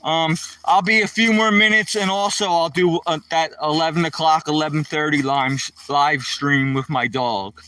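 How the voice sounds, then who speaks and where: Walking through the woods, a man talks to his live-stream audience, wandering through a story and calling viewers by name. His bright, slightly high voice holds a steady tone at normal speed with hardly any pauses, and the phone mic makes it sound dry and a little distant.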